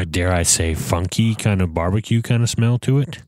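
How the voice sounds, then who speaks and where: A man's voice: deep voice, unhurried, no room sound. A man from Canada hosting a podcast, chatting casually and rambling off into tangents. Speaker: podcast host. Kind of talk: casual chat.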